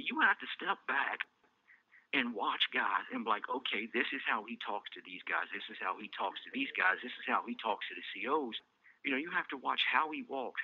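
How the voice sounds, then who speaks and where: A man's voice: medium pitch, dry recording. An incarcerated man hosting a podcast, talking in an earnest, rambling way full of fillers, recorded on a prison phone line. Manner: earnest, rambling, many "you know" fillers. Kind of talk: reflective casual monologue. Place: maximum-security prison.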